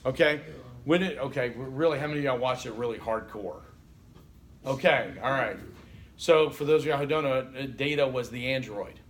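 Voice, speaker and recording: A man teaching a college class, animated and joking, often checking in with the room. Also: mid-range voice, moderate pace. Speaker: college instructor. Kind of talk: classroom lecture.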